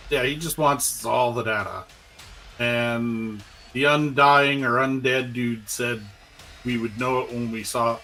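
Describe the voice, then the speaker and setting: A man playing a tabletop game in character, talking casually and deadpan, asking short questions. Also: mid-range voice. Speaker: player.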